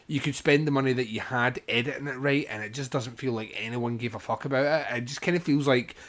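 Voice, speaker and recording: A man in relaxed podcast chat. He stumbles and restarts as he gathers his thoughts, then gives blunt, unpolished opinions. His voice is of middle pitch. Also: fast talker. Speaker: podcast co-host. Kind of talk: casual film review chat.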